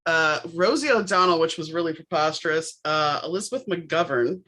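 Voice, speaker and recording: A middle-aged woman from New Orleans, USA, hosts a podcast in a low, bright, forceful voice at a moderate pace. She tells stories casually and conversationally, acting out the quoted voices of the other people in them, and the recording is rough.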